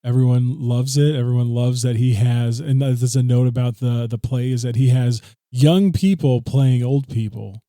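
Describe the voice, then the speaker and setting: Male podcast co-host, very dark tone, dry close sound, casual and profane. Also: medium pitch, fairly even intonation, normal speed, no room sound. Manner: loose, profane, laughs often. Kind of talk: casual film review chat.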